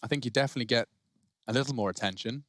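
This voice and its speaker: A man doing fast, excitable play-by-play for a competitive shooter match, joking with his co-caster. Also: medium pitch, dry recording. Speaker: esports caster. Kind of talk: play-by-play commentary.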